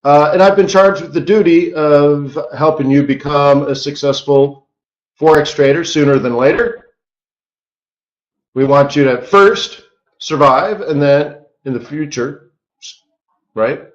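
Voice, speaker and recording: Man, forex stream host, casual rambling teacher, tired, echoey dull-sounding room. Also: medium pitch. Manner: chatty and rambling, with quick rote disclaimers. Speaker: forex market strategist hosting a live trading stream.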